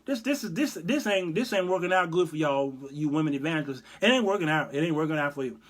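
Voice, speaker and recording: A man hosting a livestream commentary, who talks in an animated, preachy, folksy way. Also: fairly high pitch, fast. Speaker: host and Bible teacher.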